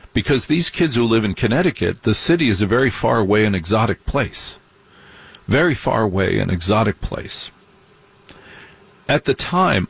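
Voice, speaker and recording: A man telling a long comic story in stand-up style, sardonic and animated, with mocking asides. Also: lowish voice, slightly rough, no room sound. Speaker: comedian.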